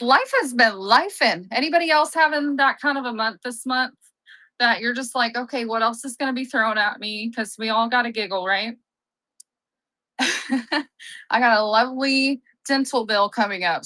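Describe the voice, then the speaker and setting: A woman's voice: fairly high pitch, pushed and bright, dry recording, low-quality recording. A young woman hosting a live-selling stream, chatting casually, upbeat and often laughing at herself. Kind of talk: casual live-sale chat.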